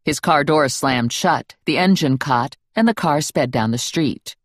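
A woman narrating a first-person audiobook with a wry, expressive and playful delivery on a close studio mic. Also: low voice, measured pace, no room sound.

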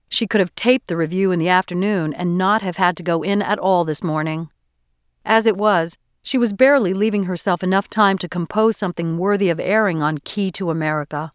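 A woman narrating an audiobook chapter in a measured, even storytelling delivery. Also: fairly low pitch, smooth, dry recording, studio quality. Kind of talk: scripted narration.

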